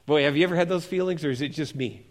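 High-voiced pastor preaching. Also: male voice, rapid-fire. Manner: animated, asks the congregation questions. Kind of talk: sermon.

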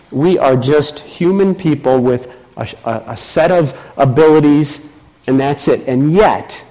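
A man preaching a sermon as pastor, reading scripture aloud with emphatic delivery. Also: poor audio. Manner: slow, emphatic preaching with lively swings in pitch.

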